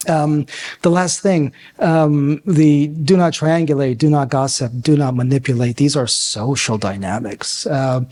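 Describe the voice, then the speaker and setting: Man, physician coach, conference talk, husky voice, medium pitch, conversational. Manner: conversational, acts out quoted dialogue with loud bursts. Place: conference room.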